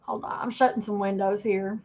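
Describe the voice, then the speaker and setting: A woman's voice: medium pitch, fairly even intonation, moderate pace, darkish tone. A woman in her fifties ranting defensively and rambling on a casual livestream, turning aside to greet viewers in the chat. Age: 50s. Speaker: livestream host. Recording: dull lo-fi stream audio.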